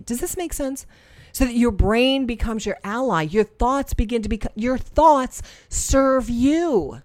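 A middle-aged woman teaching a faith-based group, animated and repeating herself as she acts out inner voices. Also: on the high side, measured pace, dry recording, clean studio sound. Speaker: Christian life coach. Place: room with a live audience.

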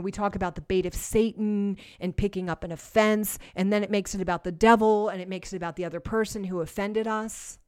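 An earnest woman preaching a sermon with a mid-range voice. She presses her points hard, dropping to soft, slow lines and then rising again with force. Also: mid-range voice, smooth. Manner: earnest, emphatic, swings between soft and loud.

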